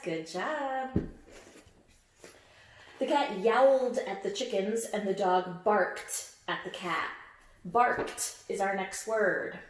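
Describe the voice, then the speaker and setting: Woman, phonics lesson, slow deliberate speech, exaggerated word sounds, echoey room. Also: mid-range voice. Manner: encouraging, talks to young listeners. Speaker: teacher. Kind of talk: phonics lesson, reading a picture book aloud.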